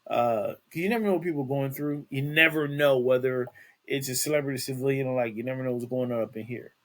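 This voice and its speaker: A man's voice: mid-range voice, fast talker. A man hosting a casual celebrity news podcast, talking in a rambling way with many restarts and fillers. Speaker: podcast host.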